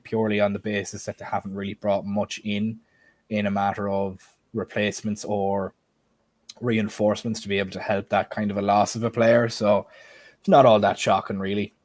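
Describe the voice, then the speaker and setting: A man's voice: on the low side, level tone, moderate pace, darkish tone, no room sound. A man with an Irish accent hosting a casual stream chat, often turning questions to the panel and the chat. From Ireland. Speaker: host.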